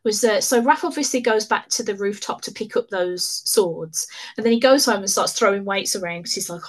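Woman gushing about a film, laughs a lot, medium pitch. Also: a little fast. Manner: laughs often, excitable and gushing. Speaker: podcast guest. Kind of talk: casual chat.

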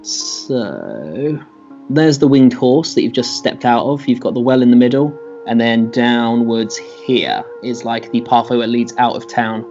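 Male game master, relaxed narration, faint music behind, muffled recording. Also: medium pitch, unhurried. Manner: loose, relaxed narration with fillers.

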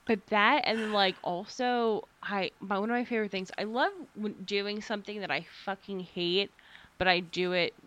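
A woman's voice: medium pitch, steady tone, normal speed, fairly bright tone. A young American woman co-hosting a podcast, chatting casually, rambling from story to story, laughing often and swearing now and then. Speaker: podcast co-host. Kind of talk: casual chat.

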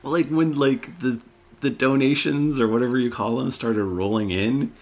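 A man's voice: mid-range voice, normal speed. A man chatting casually on a podcast, speaking in a dry, somewhat hesitant way. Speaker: podcast co-host and player. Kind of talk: casual chat.

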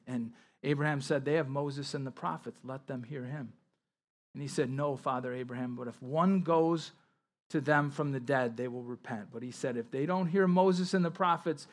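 A man preaching a sermon as pastor, reading scripture aloud with emphatic rises and explaining it. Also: fairly high pitch.

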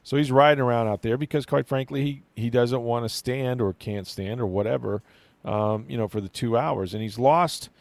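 A man's voice: medium pitch, moderate pace, creaky, a little mellow, no room sound. A man hosting a sports show, chatting casually about football with lots of fillers and restarts. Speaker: sports radio host.

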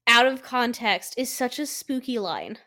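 A woman co-hosting a podcast in casual chat, animated and swearing, acting out quotes from scenes. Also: on the high side, a little slow. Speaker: podcast co-host.

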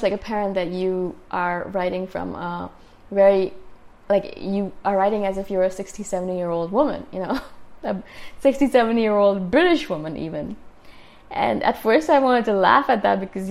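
Woman podcaster just chatting, lots of you know and like, mid pitch. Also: a little mellow. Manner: chatty, rambling, many fillers and restarts. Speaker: podcast host. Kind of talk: casual solo talk. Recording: solo podcast.

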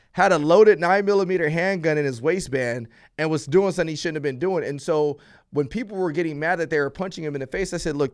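A man speaking as a guest on a casual podcast, his voice pitched a little high. He explains his points earnestly, often restarting his sentences mid-thought. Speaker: podcast guest, police officer. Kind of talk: casual interview chat.

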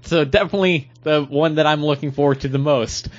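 A man co-hosting a podcast, talking casually about comic books and beer, joking with animated delivery. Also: a little high, brisk. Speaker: podcast co-host. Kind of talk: casual chat. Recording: dull lo-fi podcast audio.

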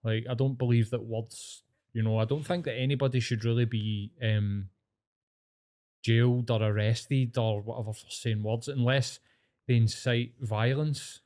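A man's voice: medium pitch, unhurried. A young Scottish man co-hosting a podcast, swearing a lot as he rants in casual chat. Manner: sweary, ranting, animated. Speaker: podcast co-host.

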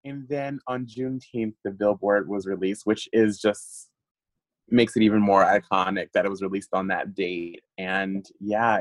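A man being interviewed, telling a long story in an animated way, laughing often and using lots of fillers. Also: on the low side, dry recording, poor audio. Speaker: guest. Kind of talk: casual interview chat.

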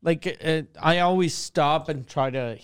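A man co-hosting a podcast, tossing in quick questions and jokes in casual chat. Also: a little high, smooth, no room sound, studio quality. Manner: joking, quick questions and one-liners. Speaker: podcast co-host.

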